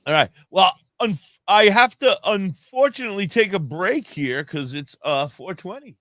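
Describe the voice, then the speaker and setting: A man's voice: sits high, lively intonation, normal speed, a bit bright, dry recording. A man hosting a radio show, chatting casually and joking around with frequent swearing. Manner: laid-back, swearing, joking. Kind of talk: casual stoner chat. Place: radio studio.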